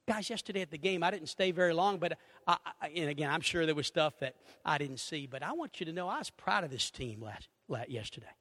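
A middle-aged man preaching a sermon, animated, acting out little conversations and swinging between loud and hushed. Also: on the high side, brisk. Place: church sanctuary. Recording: reverberant hall.

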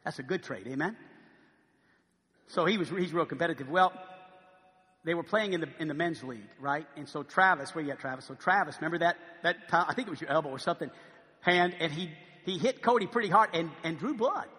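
A middle-aged male pastor preaches in a high, bright voice, moving between hushed conversational asides and loud, emphatic pleading. He checks in with the congregation with questions like "amen?" The sound has a long reverberant tail, as in a large church hall. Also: animated, brisk. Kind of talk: sermon.

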